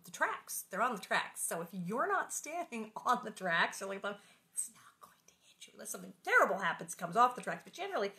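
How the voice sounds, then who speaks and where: A woman's voice: mid-range voice, bright, forceful tone. Playful woman reading a storybook with jokey asides. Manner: playful, joking, laughing asides. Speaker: reader and host of the channel. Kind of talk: reading a children's book aloud with chatty asides.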